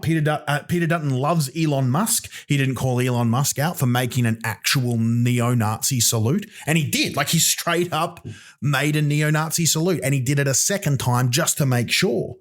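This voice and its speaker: A heated Australian man in his own podcast, ranting with profane emphasis and stumbling restarts as he pushes each point. His voice sits at an ordinary mid pitch for a man. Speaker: podcast host. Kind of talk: angry comedic rant.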